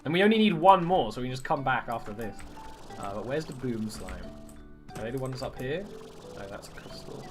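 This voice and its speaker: This is casual live-stream talk from a game streamer whose mid-range voice moves at normal speed over background music. Chatty and lively, he plays, cracks jokes, and has a go at silly accents.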